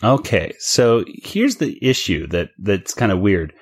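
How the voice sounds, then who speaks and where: A man's voice: fairly low pitch, big pitch swings, a little slow, slightly rough. A man hosting a cartoon podcast, chatting casually, laughing often and rambling with fillers. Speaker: podcast host.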